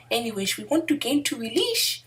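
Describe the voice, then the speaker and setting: A smug, scheming game-company spokesman, put on by a woman, his voice pushed up higher than normal and giggling as he makes his excuses. He talks in lively swoops of pitch, as if he is in on the joke. It all sounds a little far from the mic. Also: heavily acted.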